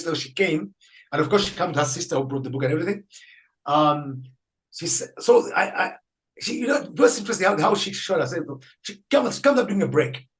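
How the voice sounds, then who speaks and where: A priest telling a story in an interview, acting out the people in it and laughing often. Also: male voice, sits high, rough recording. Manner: animated storyteller, acts out dialogue, laughs often. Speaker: Catholic priest guest.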